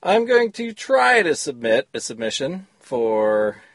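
A man's voice: mid-range voice, big pitch swings, slow pace, a bit bright, no echo, studio quality. A man recording himself on a phone, reading his short story after a chatty intro. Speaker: story contributor.

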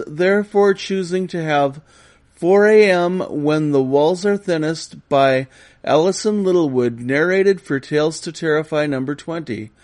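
A man reading a mock-serious message in a slow, deliberate way. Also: on the high side, darkish tone.

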